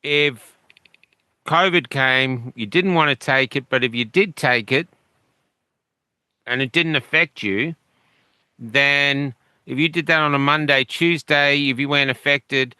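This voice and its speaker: An Australian man tells his story as an interview guest, meandering through fillers and restarts. His voice is bright and crisp, and the recording is dry with no room sound. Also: medium pitch, unhurried, no echo. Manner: rambling, with many fillers and restarts. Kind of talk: conversational storytelling.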